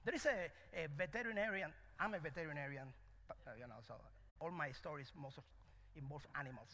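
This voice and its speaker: A male preacher delivers a sermon with a high, bright voice, firing questions at his congregation. His words bounce around a reverberant church hall. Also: fast talker. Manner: animated, call-and-response questions. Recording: echoey hall.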